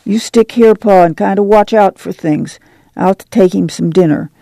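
A man voicing a weary, steady mother of a poor migrant family, talking in a folksy rural dialect, firm and quiet. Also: medium pitch, moderate pace, gravelly, no room sound.

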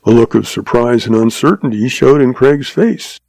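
A man narrating a story in an even, measured reading. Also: medium pitch, vocal fry, dry recording.

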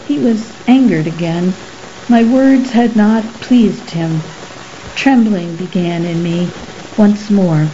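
A woman narrates a story slowly and carefully, with a mellow, warm tone and a measured, somber delivery. The recording is a little muffled, with faint hiss underneath. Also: mid-range voice. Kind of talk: scripted narration.

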